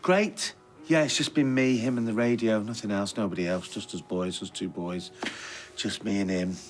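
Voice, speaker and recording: A man's voice: lowish voice, steady tone, moderate pace, soft background music, natural voice. An actor playing a flustered man who rambles nervously and stumbles over his words. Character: flustered man hiding something. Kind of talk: TV soap acting.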